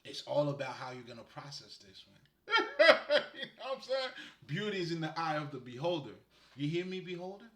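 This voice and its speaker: A man's voice: a little high, sing-song, normal speed, a bit bright. Laid-back man talking in a roomy space. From Haiti. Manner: laid-back, rambling, frequent laughter. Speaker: spiritual guide. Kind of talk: casual spiritual talk. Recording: roomy echo.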